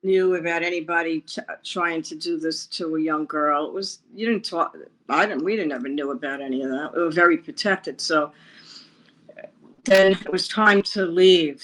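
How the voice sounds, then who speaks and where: A woman from Long Island, New York, recounting her past in an interview, with a halting, rambling, emotional way of telling it. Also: on the low side, a bit bright, poor audio. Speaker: interview guest. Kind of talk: personal storytelling interview.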